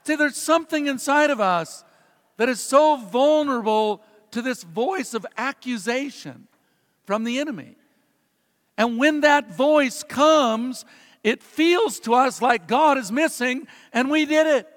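A man preaching a sermon as a pastor, telling stories dramatically and swinging between loud emphasis and hushed, quiet passages. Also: very high-pitched, lively intonation, unhurried. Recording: long reverb of a large hall.

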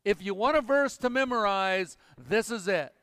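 A man preaching a sermon, emphatic and dropping to hushed intensity, in a church. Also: high voice, expressive, moderate pace, clear, resonant tone, no echo, clean studio sound, long reverb tail. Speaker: pastor.

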